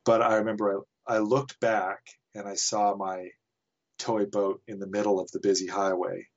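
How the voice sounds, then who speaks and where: A man's voice: fairly low pitch, level tone, normal speed. A man from Canada, a podcast guest, telling a casual anecdote in a rambling way with frequent chuckles. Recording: dull lo-fi podcast audio.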